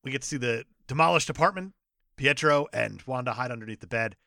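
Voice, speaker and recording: A man co-hosting a podcast, recapping a TV episode in casual chat, animated and jokey, acting out quotes. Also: medium pitch, fast talker, gravelly, dry recording, clean studio sound. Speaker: podcast co-host.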